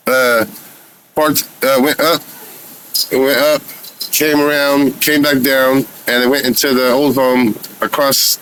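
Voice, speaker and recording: A man's voice: medium pitch, a bit bright, clear, resonant tone, poor audio. A man telling a story in casual first person, heated and profane, with frequent restarts and stumbles. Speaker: vlogger recounting an encounter.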